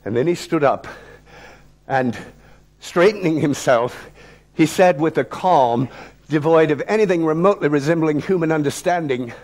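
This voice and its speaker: A man in his sixties performs a story as an actor would on stage, sitting slightly high in pitch for a man. His telling is vivid and wry, with wide dramatic swings in pitch and loudness. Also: moderate pace. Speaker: actor and lecturer.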